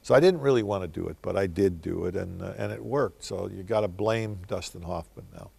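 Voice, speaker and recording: A man's voice: sits low, a little fast, gravelly, darkish tone, breathy edge. An older man, a film director, telling wry, reflective stories in answer to interview questions.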